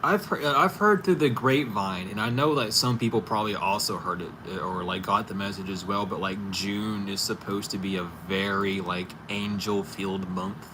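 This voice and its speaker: Low-voiced man rambling on a noisy stream. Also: normal speed, hardly any pauses. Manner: rambling, loose and profane, with frequent laughs. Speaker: tarot reader streaming live. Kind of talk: casual livestream chat. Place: indoors at home. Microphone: computer or camera mic for a live stream. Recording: noisy home livestream audio.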